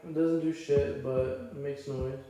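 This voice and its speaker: A man's voice: medium pitch, lively intonation, unhurried, mellow. A man co-hosting a podcast in casual chat, agreeing with the host and backing him up. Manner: agreeable, backs up the host with short replies. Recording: echoey room with faint noise.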